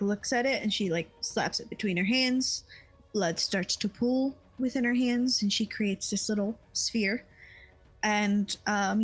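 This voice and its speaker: Young woman gm, slow and halting, lots of ums and likes, faint music behind. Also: mid-range voice, low-quality recording. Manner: halting, full of fillers like "um" and "like". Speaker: game master. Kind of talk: narrating a tabletop game.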